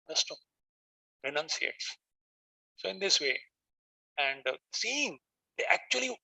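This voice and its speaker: Gravelly Indian man teaching scripture. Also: on the high side, no echo, poor audio. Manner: animated retelling, recites Sanskrit verses. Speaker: spiritual teacher. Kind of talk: scripture class storytelling.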